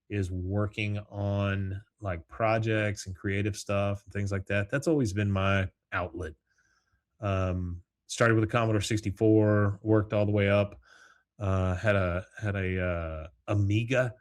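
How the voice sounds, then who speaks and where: Middle-aged guy solo podcasting, lowish voice, rambles and chuckles through a recap. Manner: rambling and casual, reads scenes aloud with chuckling asides. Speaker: podcast host. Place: home, with morning coffee.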